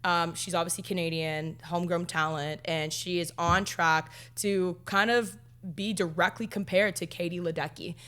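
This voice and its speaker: Relaxed young woman co-host, lots of ums. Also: lowish voice, moderate pace. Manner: relaxed, frequent "um" and "yeah". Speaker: podcast co-host, pro athlete. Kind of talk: casual sports chat.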